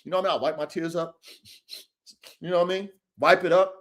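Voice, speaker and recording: Male podcast host, high voice, cursing preacher energy, quiet-to-shouting swings. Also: steady tone, fast talker, pauses often. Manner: profane, preachy, swings from low mutters to shouts. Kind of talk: motivational podcast monologue.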